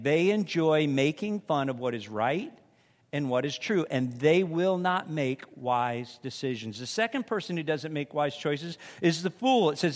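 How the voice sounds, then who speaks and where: A man with a high voice preaches a sermon in a church sanctuary. He is animated and slips into the voices of the people in his examples. His voice rings out with a long hall reverb.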